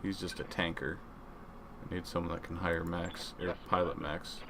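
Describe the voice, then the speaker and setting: A man's voice: low-pitched, flat delivery, moderate pace, bright, forceful tone, a little hiss or hum. A man casually commenting on a strategy game he is playing, rambling and reading game text aloud. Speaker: gaming video creator.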